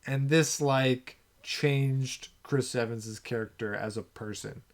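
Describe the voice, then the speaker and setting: Man, podcast co-host, casual film talk, rambling, filler-heavy, mid pitch. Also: slow. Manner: relaxed, thinking aloud with many fillers.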